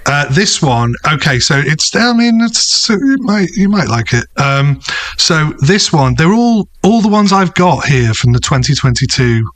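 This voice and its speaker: A man's voice: a little high, sing-song, unhurried, a bit bright, no echo. A man from Britain co-hosting a podcast in casual chat, telling stories with lots of swearing and laughter. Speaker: podcast co-host.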